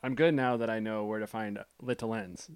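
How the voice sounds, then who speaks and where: A man's voice: fairly low pitch, fairly even intonation, a little fast, smooth. A man co-hosting a casual film podcast, tossing out dry wisecracks. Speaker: podcast co-host.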